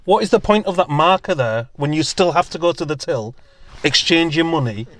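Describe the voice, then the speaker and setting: A man's voice: fairly high pitch, lively intonation, normal speed, fairly bright tone, no echo. A man co-hosting a podcast from a car, bantering casually with plenty of swearing. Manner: swearing, jokey, puts on voices for quotes. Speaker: podcast co-host. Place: in a parked car.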